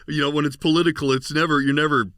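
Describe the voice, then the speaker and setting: A man's voice: on the high side, fast talker, no echo. A man in his forties, a podcast host and voice actor, chatting casually and acting out the people he quotes. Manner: animated storyteller, acts out quotes. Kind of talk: casual chat.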